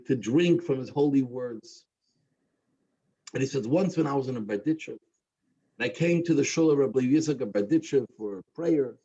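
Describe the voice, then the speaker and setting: Husky man telling a story. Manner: animated, voicing characters with rising pitch. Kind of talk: storytelling at a Havdalah gathering. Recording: dull lo-fi recording.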